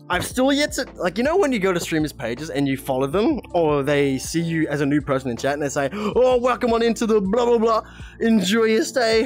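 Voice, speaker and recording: Excitable giggly streamer on a vr headset mic, voice bouncing all over, bit of music behind. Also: medium pitch. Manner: giggly, excitable, swears often. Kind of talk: casual live-stream chat while playing a VR game.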